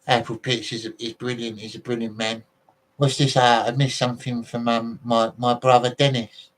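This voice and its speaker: A man's voice: medium pitch, flat delivery, moderate pace, a little hiss or hum, rough recording. Profane man ranting on a livestream. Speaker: livestream host. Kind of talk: casual livestream chat reading viewer messages.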